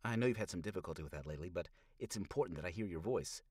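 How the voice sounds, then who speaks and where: A man voicing a patient male doctor who speaks in a measured, coaxing way. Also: low voice, animated, a little mellow, breathy edge, dry recording, clean studio sound. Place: small hot home recording booth.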